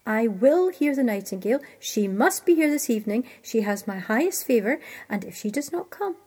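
Storybook emperor, proud and decreeing, breathy and mellow, read by a woman. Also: a little high, sing-song, normal speed. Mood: imperious. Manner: imperious, decreeing. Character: proud commanding old male emperor.

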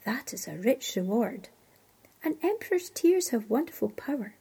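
A woman's voice: on the high side, sing-song, moderate pace, dark tone, slightly rough, exaggerated voice. A woman playing a modest little nightingale. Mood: gracious. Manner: modest, gracious. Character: modest gracious little songbird.

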